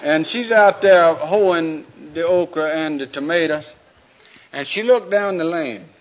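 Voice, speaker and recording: A man preaching a sermon, telling a folksy story in a drawn-out, homespun way. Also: fairly high pitch, a little hiss or hum. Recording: dull lo-fi recording.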